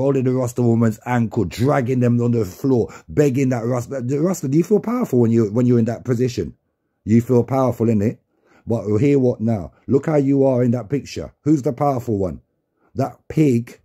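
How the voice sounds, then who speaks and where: Brief: man vlogging, heated preachy rant, deep mellow husky tone. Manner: heated, repetitive, profane, preaching. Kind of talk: angry rant to camera.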